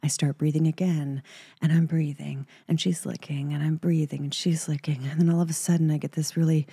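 A middle-aged woman from Texas tells a personal story on her podcast, close and confiding. Her voice is low, husky and mellow, and she often giggles and slips into whispers. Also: flat delivery, fairly quick. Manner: intimate, giggly, dropping into whispers. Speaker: podcast host.

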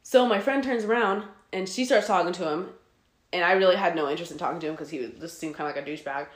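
A woman co-hosting a podcast, reading a listener letter aloud and telling her own stories in a chatty, animated way. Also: fairly low pitch, fast talker. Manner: chatty and animated, breaks into laughter. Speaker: podcast co-host. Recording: roomy echo.

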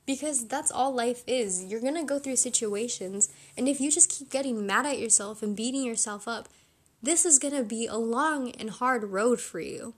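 Young woman podcast host, slightly high voice, casual chatty advice, informal delivery. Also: normal speed. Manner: chatty, informal, with fillers and laughs.

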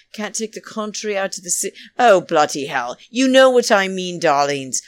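A woman's voice: lowish voice, no echo. A woman hosting a casual, rambling podcast monologue from home, chatty and theatrical, who keeps calling her listeners darlings. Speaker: podcast host. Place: home, New York.

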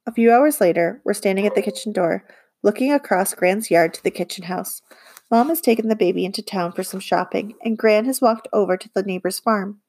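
Woman reading a lively audiobook. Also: medium pitch, brisk. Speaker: audiobook reader. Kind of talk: first-person audiobook narration.

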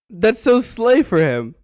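A young man co-hosting a casual podcast, teasing his friends in an animated, fast way. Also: sits high, no room sound. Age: young adult. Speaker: podcast co-host. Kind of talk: casual chat.

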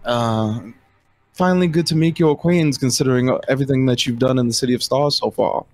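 A man's voice: mid-range voice, lightly acted. A man voicing a poised half-elf council leader. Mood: composed. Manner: calm, formal, measured.

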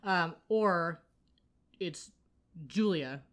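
A woman with a fairly low, slightly bright voice co-hosts a podcast, speaking in an animated way but extremely slowly. She chattily recaps a TV episode, packing in fillers and acting out the characters' lines.

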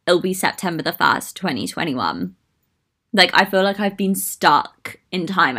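A woman's voice: fairly low pitch, a bit bright. A young woman hosting her own podcast, talking casually in a sassy, chatty way with swearing and playful asides. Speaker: podcast host. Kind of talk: casual solo podcast talk.

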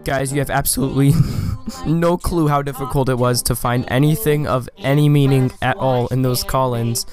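A male podcast host with a medium-pitched voice talks casually to his listeners, cracking jokes between call-ins. Clear music plays behind him the whole time. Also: fairly even intonation, normal speed, few pauses. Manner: chatty, joking asides to listeners. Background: background music.

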